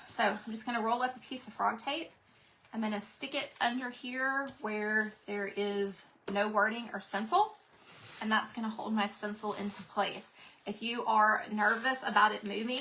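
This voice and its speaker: A woman's voice: mid-range voice, a bit bright, slight background noise. A woman hosting a live craft stream, chatting casually and greeting viewers by name while she paints, a bit out of breath. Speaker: craft livestream host. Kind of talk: live craft demonstration chat.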